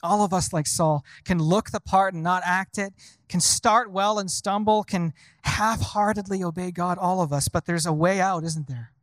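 A man's voice: high-pitched, fairly even intonation, normal speed, fairly bright tone, dry recording. A male pastor preaching a sermon, asking the congregation rhetorical questions.

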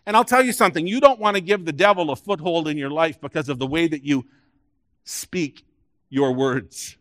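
A man preaching a sermon as pastor, rising loud and high on key points and dropping quiet for emphasis. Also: normal speed, dry recording, studio quality.

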